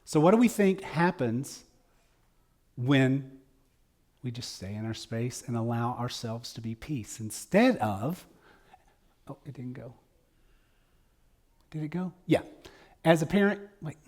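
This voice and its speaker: A man giving a conversational sermon at a church service, earnest and folksy, moving between loud emphasis and quiet asides. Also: mid-range voice, animated, slow, long pauses.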